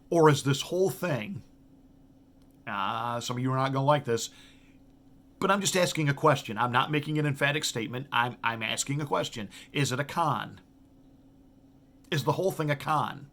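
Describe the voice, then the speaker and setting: Pastor firing off rhetorical questions. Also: male voice, medium pitch, a bit bright. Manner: rhetorical questions, emphatic with frequent restarts. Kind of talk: political commentary monologue.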